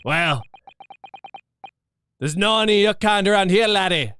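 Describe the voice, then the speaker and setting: A man voicing a brash Scottish male prison governor with a put-on Scottish accent, loud and dismissive. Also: sits high, lively intonation, unhurried, smooth, dry recording, voice pushed up, heavily acted. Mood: brusque.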